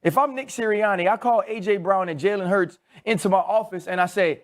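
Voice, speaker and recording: A man giving a measured, explanatory football analysis on a sports debate show. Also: high voice.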